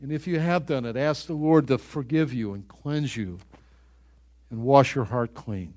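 A man preaching a sermon, reading scripture aloud with earnest emphasis and pausing to find passages. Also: darkish tone. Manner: earnest, rises in pitch and volume on emphatic scripture lines.

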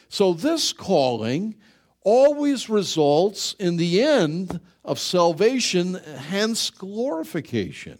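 A pastor preaches in a conversational style, frequently questioning the congregation and repeating words for emphasis. His voice is fairly high and sing-song, slow, with a darkish tone.

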